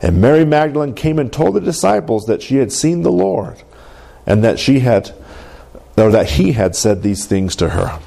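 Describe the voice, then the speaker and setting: Expressive preacher man, lively pitch. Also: normal speed, gravelly. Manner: expressive, asks the congregation questions. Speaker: pastor. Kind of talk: sermon.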